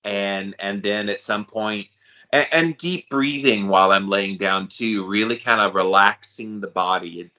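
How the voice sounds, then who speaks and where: A man co-hosting a podcast, talking in a loose, slangy, animated way. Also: on the low side, a little slow, lo-fi sound. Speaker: podcast co-host. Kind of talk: casual chat.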